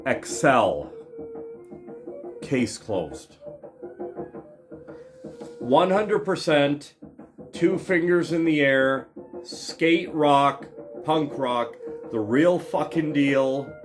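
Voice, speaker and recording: A man in a casual, profane vlog monologue, excitable and emphatic, swearing constantly and firing off punchy lists. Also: medium pitch, drawn-out words, long pauses, over music. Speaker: vlogger showing his record purchases.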